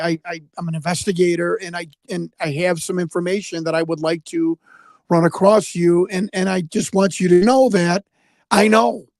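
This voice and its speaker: A man's voice: high-pitched, a little mellow, no echo. An American man telling a story in a casual interview, rambling, repeating words and acting out the voices he quotes. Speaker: guest investigator.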